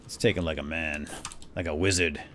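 A man hosting a let's play video, commenting on a boss fight with excited exclamations. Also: extremely low pitch, a little fast, a little hiss or hum. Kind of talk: gameplay commentary.

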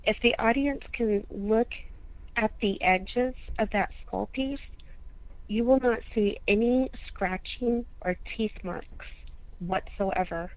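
A woman's voice: medium pitch, takes it slowly, dry recording. Woman, co-host, earnest, speaks to the audience, tinny phone-line sound. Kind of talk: casual discussion on a live stream.

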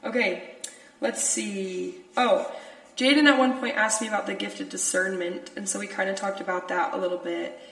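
A young woman hosting a casual podcast chat laughs frequently and leans on filler words, speaking at normal speed with a steady, medium-pitched, fairly bright voice and vocal fry. She sounds far from the mic in an echoey room.

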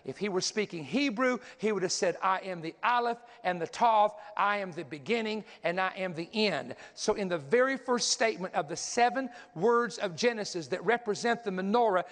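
A man's voice: sits high, animated, normal speed, hardly any pauses, a bit bright. A man preaching a sermon, teaching energetically, counting aloud and pointing things out as he goes. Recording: long hall reverb.

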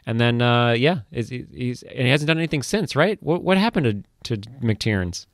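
A man's voice: mid-range voice, animated, moderate pace, dry recording, studio quality. A man co-hosting a podcast, chatting casually and in a rambling, joking way about films. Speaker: podcast co-host.

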